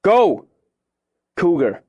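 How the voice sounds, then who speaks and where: A man's voice: fairly high pitch, animated, measured pace, no echo, muffled recording, voice pushed up. A man voicing a frightened farm father who barks urgent orders at the kids, in an audiobook reading. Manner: urgent, commanding shouts.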